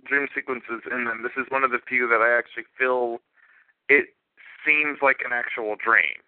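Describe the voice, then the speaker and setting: A man cohosting a casual film review podcast, talking in a thoughtful, measured way. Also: medium pitch, steady tone, clear, resonant tone, no echo. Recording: dry, phone-like podcast line.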